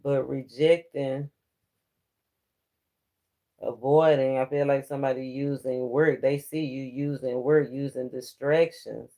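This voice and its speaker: A man's voice: mid-range voice, level tone, a little slow, warm tone. A man giving a casual spiritual tarot reading, talking straight to his viewers in a preachy way and laughing often between points. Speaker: tarot reader.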